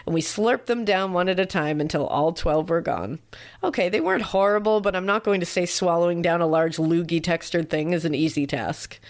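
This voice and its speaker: Woman, young adult, podcast co-host, slightly low voice, casual story reading, wry profane asides.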